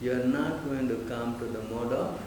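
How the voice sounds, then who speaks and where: A man's voice: mid-range voice, moderate pace. A man giving a sermon in a temple hall. He keeps checking with his listeners and asks them short questions. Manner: quizzing the audience with repeated "Understand?" and "Huh?"; mimics others in brief put-on voices. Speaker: preacher. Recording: roomy hall with faint hiss.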